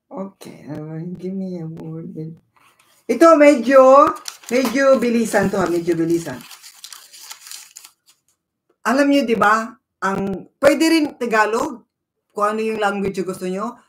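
A woman's voice: medium pitch, animated, unhurried, pauses often, low-quality recording. A woman from the Philippines with a Filipino accent, hosting a casual live stream, chatty and switching between Tagalog and English while greeting viewers by name. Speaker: livestream host.

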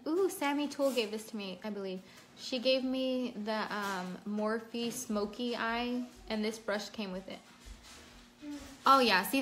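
A woman's voice: fairly high pitch, a bit bright. A woman hosting a casual livestream makeup tutorial at home, chatting and reading out viewers' names while she works. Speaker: makeup vlogger.

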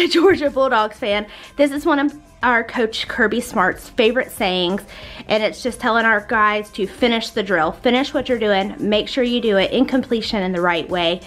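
A young woman talks through a home tour for her vlog, chatty and upbeat with plenty of fillers. Her voice sits a bit high, and she sounds slightly out of breath. Soft music plays quietly underneath. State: a little out of breath. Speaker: homeschooling mom vlogger.

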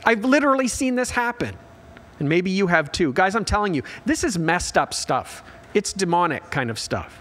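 Earnest preaching man, slightly high voice. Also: big pitch swings, moderate pace, fairly bright tone. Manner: earnest and direct, often addressing listeners as "guys". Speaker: pastor. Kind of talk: midweek sermon.

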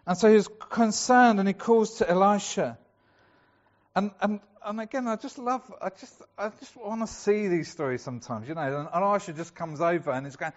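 A man's voice: high voice, moderate pace, muffled recording. A male pastor preaching a sermon in a chatty storytelling way, acting out the voices of the people in the story.

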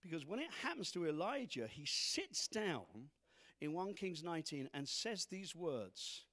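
A man preaching a sermon, acting out scripture figures with humor and animated emphasis. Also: on the high side, measured pace. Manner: animated, acts out Bible characters, laughs at own jokes. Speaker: pastor.

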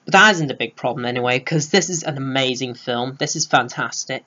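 A man giving a casual spoiler review of a film, gushing and filling pauses with "uh". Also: mid-range voice, bright, forceful tone, highs cut off. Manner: gushing, lots of filler words. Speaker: film vlogger.

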